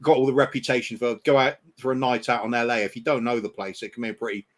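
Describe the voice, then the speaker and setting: A man's voice: medium pitch, level tone, fast. A man co-hosting a podcast in casual chat, hesitant, with frequent ums and restarts. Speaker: podcast co-host.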